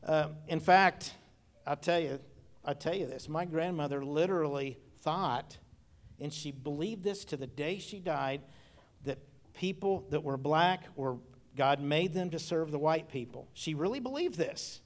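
A man's voice: fairly high pitch, unhurried. A middle-aged man preaching a sermon, telling folksy stories from his own childhood and often repeating phrases for emphasis. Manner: folksy storytelling with personal memories and repeated phrases. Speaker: pastor.

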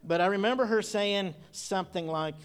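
With a high-pitched, clear and resonant voice at a moderate pace, this middle-aged pastor weaves personal childhood memories into his sermon. His style is folksy storytelling, and he repeats phrases again and again to drive points home.

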